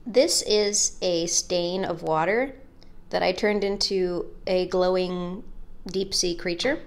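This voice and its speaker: A young woman with a slightly low voice walks through her sketchbook in a loose, chatty vlog. She rambles and jokes, drifting into asides and filling gaps with casual fillers. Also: slow. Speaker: art vlogger.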